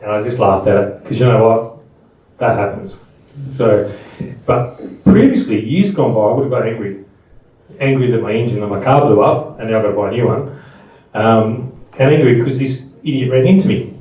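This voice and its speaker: At a Buddhist seminar, a middle-aged man gives a conversational, anecdote-filled talk to a live audience, restarting often. His mid-range voice is dark in tone, with lively intonation at normal speed, picked up from far off in a very echoey room.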